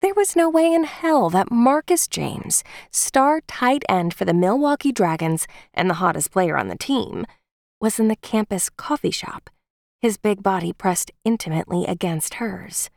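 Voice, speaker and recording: A woman's voice: mid-range voice, lively intonation, a little slow, gravelly, darkish tone, no echo, studio quality. A woman reading a romance novel aloud as an audiobook narrator, telling the story expressively. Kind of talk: scripted narration.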